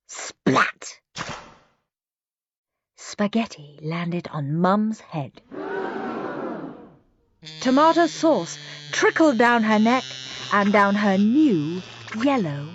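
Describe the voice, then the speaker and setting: A woman reading a children's storybook aloud, expressive and playful. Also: mid-range voice, drawn-out words, pauses often, noisy background. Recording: muffled lo-fi recording.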